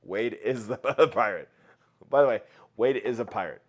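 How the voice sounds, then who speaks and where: A man's voice: fairly low pitch, moderate pace, dull audio. A man hosting a casual livestream, chatting loosely, laughing often and reading out viewer comments. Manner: chatty, laughs often, reads chat aloud. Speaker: livestream host.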